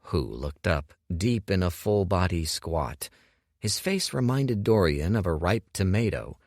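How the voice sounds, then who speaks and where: Male audiobook narrator, low voice, lively intonation, dry close sound. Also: unhurried, dry recording. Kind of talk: scripted narration.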